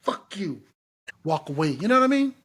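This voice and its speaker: A man co-hosting a podcast in casual chat, telling stories in an animated, slangy, profane way. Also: high voice, moderate pace, slightly rough. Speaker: podcast co-host.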